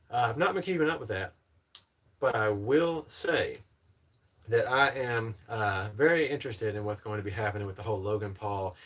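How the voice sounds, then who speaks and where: A man's voice: fairly low pitch, a bit bright, husky. A young man from North Carolina with a Southern American accent, hosting a casual livestream and answering chat comments in a polished presenter voice. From North Carolina, USA. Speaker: livestream host.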